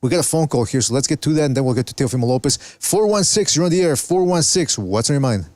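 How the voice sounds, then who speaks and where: A man's voice: medium pitch, animated, fast talker, a little mellow, no echo. Laid-back male podcast host. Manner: laid-back, hesitant, searching for words. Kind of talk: casual call-in podcast talk. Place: Canada.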